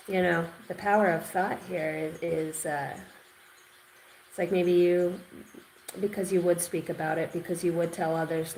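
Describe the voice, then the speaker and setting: A woman giving an intuitive tarot reading, rambling and excitable, repeating words and swearing now and then. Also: fairly low pitch, a little slow, a little hiss or hum, low-quality recording. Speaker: tarot reader.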